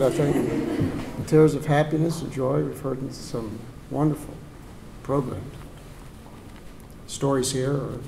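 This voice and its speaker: A man's voice: mid-range voice, creaky, warm tone, a little hiss or hum. An older man with a Texan accent giving a heartfelt dedication speech from prepared remarks, sometimes repeating words as he restarts a phrase. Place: ceremony hall.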